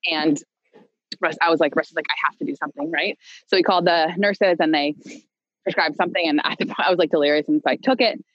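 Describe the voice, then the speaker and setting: A woman's voice: low voice, brisk, no echo, lo-fi sound. A young woman speaking as a podcast guest, telling a personal story in a loose, rambling way full of fillers, restarts and light laughs. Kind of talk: casual conversational storytelling.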